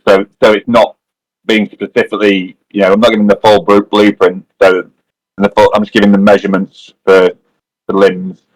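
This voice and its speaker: A man's voice: lowish voice, level tone, a little fast, no echo, low-quality recording. A man, a player chatting casually at a tabletop game, rambling and correcting himself as he goes.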